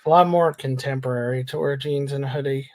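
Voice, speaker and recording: A man co-hosting a podcast, chatty and quick to laugh while telling anecdotes. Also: mid-range voice, steady tone, no room sound, studio quality. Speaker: podcast co-host. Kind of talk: casual podcast chat.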